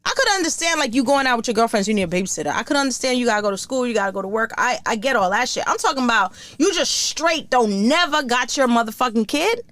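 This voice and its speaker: Woman podcast host, casual comedic rant, blunt and profane, lively swinging pitch, dry close sound. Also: fast talker, hardly any pauses, dry recording. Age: older.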